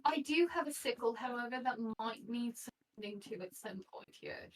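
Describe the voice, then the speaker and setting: A woman's voice: on the high side, expressive, moderate pace, far from the mic, rough recording. A woman player in a tabletop role-play, speaking politely and genteelly in character, often calling others darling.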